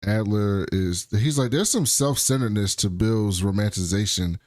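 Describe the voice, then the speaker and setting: Un hombre que co-presenta un pódcast y resume las escenas de un episodio en charla informal, con palabrotas. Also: male voice, on the low side, normal speed, a little mellow, no echo, studio quality. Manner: retelling scenes, swearing. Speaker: podcast co-host. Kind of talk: casual recap chat.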